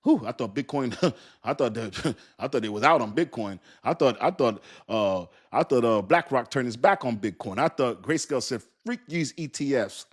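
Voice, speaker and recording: A middle-aged man chatting casually on a livestream, animated, laughing often and cursing as he mocks a commenter. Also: medium pitch, normal speed, breathy edge. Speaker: crypto livestream host.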